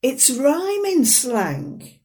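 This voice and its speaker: A woman's voice: sits high, sing-song, drawn-out words, dark tone, pitched above the performer's own voice, full character voice. A woman quoting a shy, teasing grown-up son. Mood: mild. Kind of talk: quoted dialogue in a monologue.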